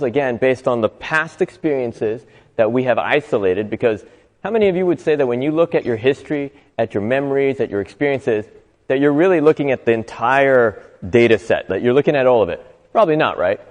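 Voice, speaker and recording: A male motivational speaker with a mid-range, darkish voice addresses a live audience at a talk venue, his words echoing in a reverberant hall. His inspirational talk is conversational, and he asks the crowd rhetorical questions.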